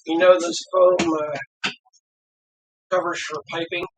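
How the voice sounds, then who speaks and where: A housemate making quiet, offhand remarks from across the room at home. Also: medium pitch, level tone, slow pace, slight background noise, rough recording. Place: at home, away from the mic.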